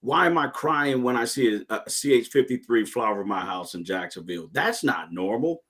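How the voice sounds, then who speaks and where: A middle-aged man in a relaxed interview, telling his story with earnest energy. He often doubles back on his words before pushing on. His voice sits in an ordinary middle register. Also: mid-range voice, moderate pace, breathy edge. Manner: earnest, animated storytelling with repeated restarts. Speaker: guest, retired Marine and podcast host. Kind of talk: casual interview chat.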